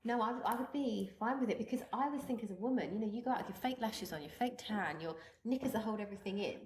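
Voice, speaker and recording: Female co-host, fast and chatty, roomy recording with a faint hiss. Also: medium pitch, darkish tone. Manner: chatty and candid. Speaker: co-host and hairdresser. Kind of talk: casual studio chat. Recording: echoey room with faint noise.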